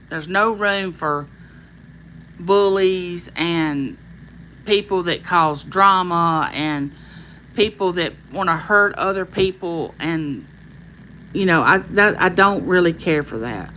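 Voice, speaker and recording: Female host with a Southern drawl, unhurried, lower-pitched, homey live-stream chat. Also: pushed and bright, a little hiss or hum, poor audio. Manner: slow, friendly, folksy Southern drawl. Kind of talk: casual live-stream chat, reading viewer comments aloud.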